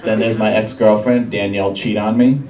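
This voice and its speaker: A young man doing a stand-up routine in a comedy club, with deadpan, dry one-liners. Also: on the low side, brisk, very noisy. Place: comedy club with live audience. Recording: roomy club sound from a distant mic, crowd laughter.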